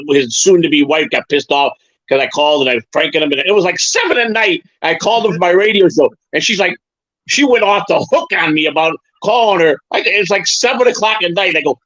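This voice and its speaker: A man's voice: high voice, a bit bright, no echo. A man chatting casually on a live stream, rambling through stories and stumbling over repeated words. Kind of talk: casual chat. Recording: dull lo-fi sound.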